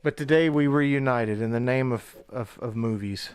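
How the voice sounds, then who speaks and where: A man's voice: medium pitch, moderate pace, clear, resonant tone, dry recording. A young man co-hosting a movie review podcast, joking crudely and getting hyped up in casual banter. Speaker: podcast co-host.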